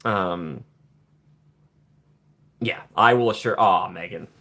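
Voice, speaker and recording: A man hosting a casual live stream, chatting warmly with viewers and greeting them by name from the chat. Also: low-pitched, slow. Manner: playful put-on excited voices when joking. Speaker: livestream host reading chat.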